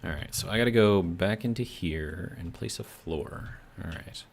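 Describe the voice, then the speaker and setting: A man's voice: low-pitched, normal speed, vocal fry. A man streaming a building game, chatting casually, reading viewer comments aloud and musing as he plays. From Georgia, USA.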